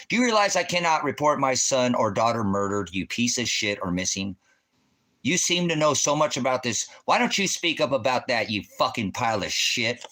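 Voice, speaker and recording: Enraged male streamer, bright, tense voice, swears nonstop, berates a chat viewer. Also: mid-range voice, expressive, brisk. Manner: profane, confrontational, yelling accusations. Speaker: livestream host, veteran. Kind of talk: livestream rant at a chat viewer.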